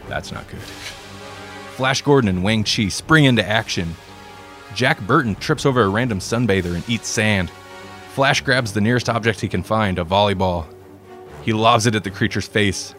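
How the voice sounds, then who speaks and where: A man reading a comedic story aloud in a relaxed way, with dry asides. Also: on the low side. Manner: relaxed, self-deprecating asides.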